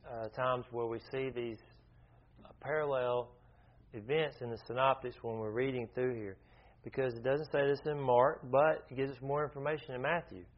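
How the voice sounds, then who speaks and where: A man leading an informal Bible study, talking conversationally, often restarting his sentences and asking the group questions. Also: medium pitch. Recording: dull lo-fi recording.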